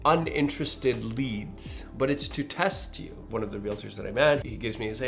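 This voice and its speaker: Earnest man with a gravelly voice. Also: mid-range voice, normal speed, few pauses, faint music behind. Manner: earnest, animated storytelling with acted-out quotes. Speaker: mortgage specialist. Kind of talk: reflective storytelling monologue.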